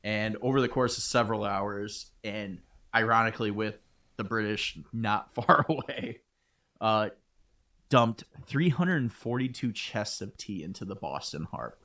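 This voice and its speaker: Low-voiced man hosting a casual podcast. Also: expressive, unhurried, sharp tone. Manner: joking, loose, with filler words and swearing. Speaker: podcast co-host. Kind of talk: casual history podcast chat.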